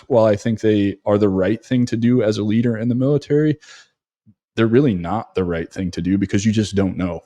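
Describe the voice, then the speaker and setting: A man's voice: on the low side, mellow, no room sound, clean studio sound. A male podcast host talking emphatically in a conversational interview, often repeating his words while he thinks.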